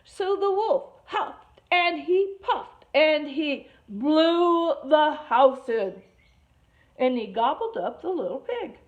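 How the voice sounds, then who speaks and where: Expressive woman reading a picture book. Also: high-pitched, slow pace. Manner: expressive, stops to explain words. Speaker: teacher. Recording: muffled lo-fi recording.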